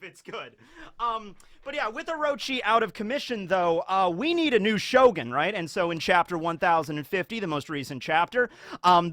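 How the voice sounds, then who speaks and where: A man with a high, bright, forceful voice riffs casually as a video host. He talks in an animated, joking way. The sound is dry and close. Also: no echo. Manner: animated, playful, jokey. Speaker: YouTube host. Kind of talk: casual anime commentary.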